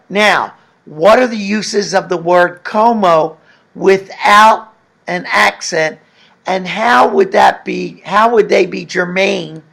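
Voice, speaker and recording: A man's voice: high voice, creaky, a bit bright. A man teaching a recorded language lesson, patiently explaining and asking the class questions. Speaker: Spanish teacher.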